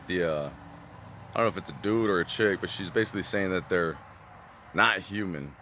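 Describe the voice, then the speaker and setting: A man's voice: low voice, fairly quick, pushed and bright, slight background noise. A man vlogging in a casual, rambling way, full of fillers and "right?" tags, earnest and reflective.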